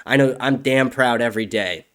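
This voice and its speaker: A young man hosting his own podcast in a heated, profanity-laden monologue. His voice sits at an ordinary middle pitch and swings between raised, pushy outbursts and low, seething mutters. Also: normal speed, a bit bright. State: agitated. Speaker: podcast host. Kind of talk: solo opinion rant.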